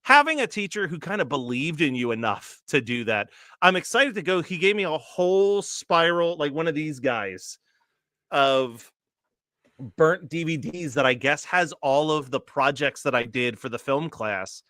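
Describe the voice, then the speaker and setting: A man's voice: a little high, expressive, normal speed, pushed and bright, dry recording, studio quality. A man in his late thirties, co-hosting a casual chat and telling a long story full of fillers and laughs. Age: late 30s. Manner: rambling storyteller, many fillers, laughs often. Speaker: co-host.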